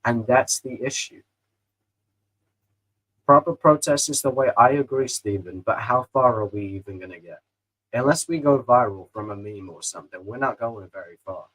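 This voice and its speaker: Opinionated bloke ranting casually. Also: male voice, mid-range voice, moderate pace, a bit bright, rough recording. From England. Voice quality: opinionated, ranting, fillers like "you know". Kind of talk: casual chat over beers.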